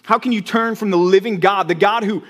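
A man preaching a sermon from the pulpit, with a voice sitting a bit higher than most men's. He talks to the congregation in a casual, conversational way. He turns emphatic as he builds each point, often repeating words along the way. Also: steady tone, brisk, a bit bright. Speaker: pastor.

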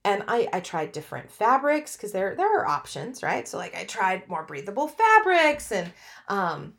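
A woman's voice: medium pitch, very animated, moderate pace, gravelly, fairly bright tone. A middle-aged woman hosting a podcast, telling a personal story in an earnest, reflective way, often restarting her sentences. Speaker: podcast host.

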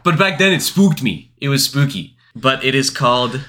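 Bright-voiced young man, casual co-host. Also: mid-range voice, animated. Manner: joking, laughs often, slow deliberate reading. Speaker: podcast co-host. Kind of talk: casual chat, reading a scary story aloud.

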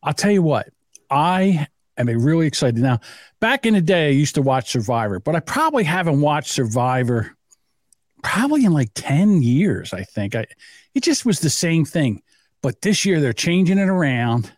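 Animated teasing podcast co-host man. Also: on the high side, normal speed, dry recording, studio quality. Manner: teasing, rambling, laughs at own jokes. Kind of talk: casual banter.

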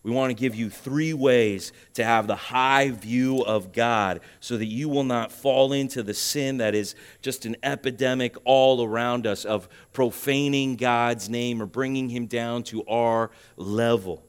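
A man preaching a sermon, his voice swelling loud and high at emphatic points and then dropping to a quiet, urging tone. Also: fairly even intonation, a little slow, few pauses, clear, resonant tone. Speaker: pastor.

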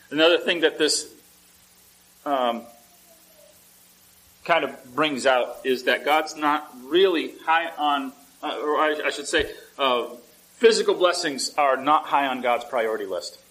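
A man's voice: a little high, animated, a little slow, fairly bright tone, rough recording. A male pastor preaching a sermon in a conversational way, often asking the congregation questions and repeating words as he restarts.

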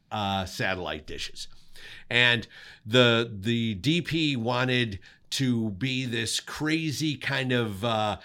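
Man, podcast co-host, bright forceful voice, lively storyteller, sound effects. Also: lowish voice. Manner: animated, makes sound effects while telling stories. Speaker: co-host, cinematographer. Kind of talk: casual storytelling.

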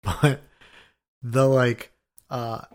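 A man in casual conversation, telling rambling stories full of fillers and swearing, and acting out shouting coworkers. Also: medium pitch, little pitch movement, very slow. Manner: rambling storyteller, swears freely, filler-heavy; acts out other people's shouting in his stories. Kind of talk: casual chat.

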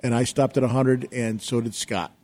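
Middle-aged guy telling a story on a talk show, gets loud and acts out the yelling. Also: medium pitch, moderate pace. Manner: lively storyteller who acts out his own yelling. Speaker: guest, real estate investor.

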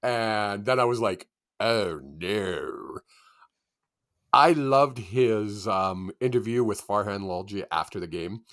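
A man's voice: fairly low pitch, unhurried, few pauses. A man co-hosting a casual sports podcast, laughing often as he tells stories. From Canada. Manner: laughs often, lively storytelling. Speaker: podcast co-host.

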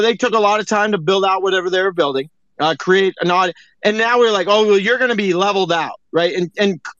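A man's voice: high voice, fairly bright tone, no room sound. A man co-hosting an online audio chat, ranting in a profane, exasperated way over a dull lo-fi stream. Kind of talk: heated casual chat.

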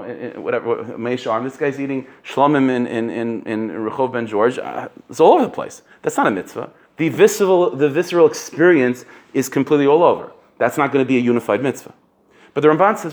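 A man giving a casual Torah class, animated and full of restarts, sprinkling in Hebrew and Yiddish terms. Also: mid-range voice, a little fast. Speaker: Torah teacher.

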